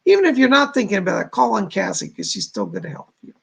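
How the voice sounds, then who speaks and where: A man's voice: high voice, huge pitch swings, quick pace, gravelly, breathy edge, muffled recording. A man hosting a live stream as a psychic medium, chatting with viewers and relaying messages with many "she said" asides.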